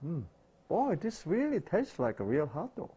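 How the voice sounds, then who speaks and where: A man voicing Jesus in a story as a mild, kindly figure who teases gently. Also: high-pitched, huge pitch swings, normal speed, slightly rough, voice pushed up, exaggerated voice. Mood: teasing. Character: gentle, amused Jesus tasting food.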